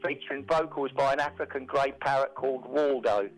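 A man hosting a radio segment in a studio, telling odd stories with deadpan, made-up asides. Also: medium pitch, brisk, low-quality recording. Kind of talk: casual radio banter.

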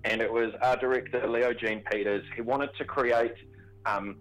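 A man talking as a theatre performer on a radio interview, chatty and animated with plenty of fillers. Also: mid-range voice, normal speed, poor audio. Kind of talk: interview guest.

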